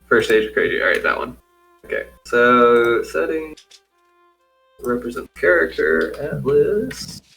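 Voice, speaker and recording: A man's voice: medium pitch, animated, unhurried, gravelly, fairly bright tone, soft background music, low-quality recording. A man acting as game master, casually directing players in an online tabletop game.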